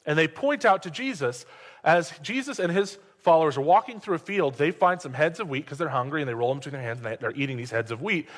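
A male pastor giving a sermon in a conversational, joking way, with quick asides to the congregation. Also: fairly high pitch, animated. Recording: long hall reverb.

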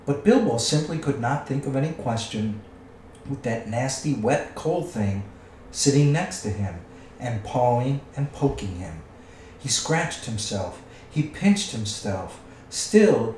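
A man reading a storybook aloud with expressive storytelling. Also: medium pitch, measured pace, recorded from a distance, slight background noise. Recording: echoey room, away from the mic.

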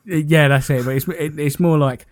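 A man's voice: fairly high pitch, fairly even intonation, normal speed, a crowd in the background. A man chatting casually, rambling and poking fun at himself as he tells a story. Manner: rambling, self-deprecating storytelling. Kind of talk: casual chat.

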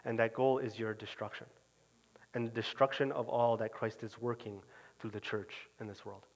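A man preaching a sermon, earnest and emphatic, letting his phrase endings fall quiet. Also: medium pitch, little pitch movement, normal speed. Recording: long reverb of a hall.

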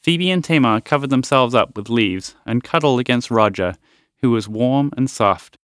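A man narrating a children's story podcast as its host, with expressive storytelling. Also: mid-range voice, smooth, dry recording, clean studio sound.

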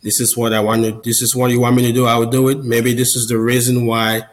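A man's voice: mid-range voice, monotone, fast talker, rough recording. A man as a podcast guest, telling his personal testimony in an earnest, conversational way and often repeating words as he goes. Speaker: podcast guest, Catholic business founder.

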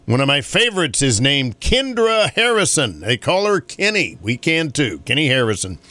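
Chatty male morning-show host with a lively delivery and a dry sound. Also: fairly high pitch, normal speed, dry recording. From North Carolina. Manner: chatty and rambling, laughs often. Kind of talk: casual morning radio talk.

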